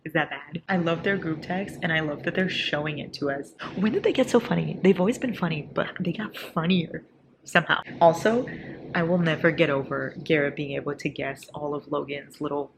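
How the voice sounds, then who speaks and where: A book vlogger with a low, creaky voice talks briskly about what she's reading. Short on sleep and a bit delirious, she keeps it casual and profane, laughing often, with audible background noise in the recording.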